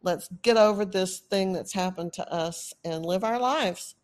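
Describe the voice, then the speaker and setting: A woman with a Texan drawl speaks slowly and deliberately, taking her time over every phrase. Her pitch sits in a middle range. She delivers an earnest, urgent podcast monologue, loose and rambling, with plenty of ums and uhs. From Texas. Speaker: podcast host.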